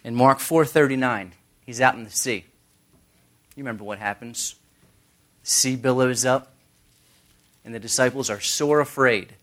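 A man's voice: medium pitch, moderate pace, pauses often, a bit bright. A man teaching a Bible study in a conversational sermon style, making joking asides and quoting scripture.

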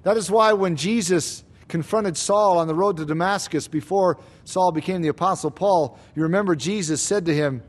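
Male pastor, high voice, emphatic sermon delivery, rhetorical questions. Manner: emphatic, slows down and rises on key claims; asks the congregation rhetorical questions. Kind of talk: expository sermon.

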